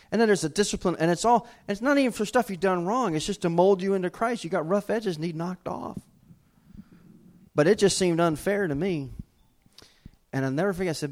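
Middle-aged man, pastor, folksy self-mocking preacher, a touch high-pitched. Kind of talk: sermon.

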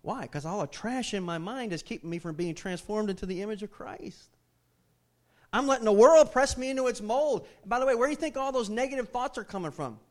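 A man with a notably high-pitched voice delivers a sermon to his congregation. He preaches emphatically, repeating phrases and asking the listeners questions. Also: animated, fairly quick, darkish tone. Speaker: pastor.

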